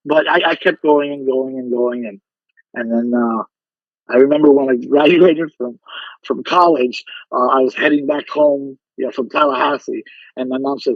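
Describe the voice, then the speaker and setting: A man's voice: mid-range voice, normal speed, dry recording, lo-fi sound. A man, an actor guest on a podcast, telling stories animatedly and acting out the voices of the people in them. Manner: animated, acts out quoted voices in his stories. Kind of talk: casual interview storytelling.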